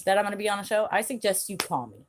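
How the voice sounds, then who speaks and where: A woman's voice: mid-range voice, lively intonation, very fast, a little hiss or hum. A woman hosting her own channel, ranting bluntly on a live stream, angry and swearing heavily. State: angry, agitated. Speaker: channel host.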